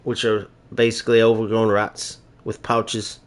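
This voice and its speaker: A man's voice: lowish voice, completely flat delivery, unhurried. An American man streaming a football video game, chatting casually and joking with viewers while he plays. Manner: talkative, joking, opinionated. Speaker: gaming streamer. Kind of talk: casual gameplay commentary.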